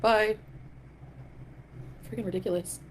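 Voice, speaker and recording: A woman's voice: medium pitch, fairly even intonation, unhurried, a little hiss or hum. A woman hosting a live stream, ranting in a defiant, dismissive way and greeting chat viewers. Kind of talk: casual live stream rant.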